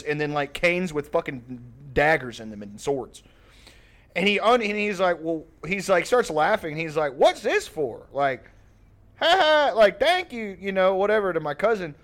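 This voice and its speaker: A man's voice: high voice, bright, forceful tone. A man telling a long, rambling, profane family story on a podcast, laughing often. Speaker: podcast host. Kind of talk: casual storytelling.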